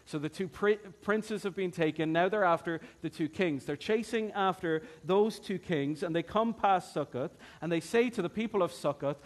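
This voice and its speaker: High-voiced male preacher telling a story. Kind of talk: sermon.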